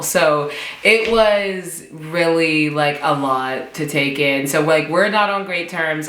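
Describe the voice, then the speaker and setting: Young woman, storytime vlogger, low bright voice, animated quoted dialogue, echoey room. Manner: animated, acts out quoted dialogue with jumps in pitch. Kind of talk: casual storytime.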